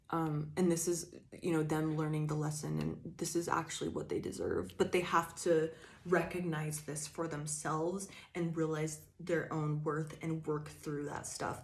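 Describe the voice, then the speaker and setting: A woman's voice: deep voice, reverberant. A woman giving a casual tarot reading, rambling and chatty, laughing often and restarting her sentences, indoors by a window. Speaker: tarot reader.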